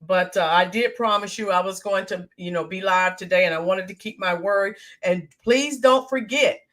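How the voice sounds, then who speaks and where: Her voice is medium in pitch and moves at a normal speed, though it's a bit hoarse from all the screaming she did yesterday. She's an American woman running a laid-back livestream, welcoming viewers by name with frequent "ums."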